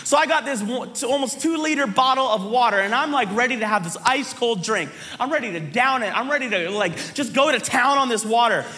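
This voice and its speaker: Male preacher, sermon delivery, lively comic storytelling, high bright voice. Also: brisk, hardly any pauses, in a large hall. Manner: animated storytelling, voices quoted people.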